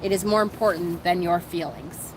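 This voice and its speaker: A woman reading aloud the lines of a stern older high priestess in a storybook, in a cool, matter-of-fact manner. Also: normal speed, noisy background, lightly acted.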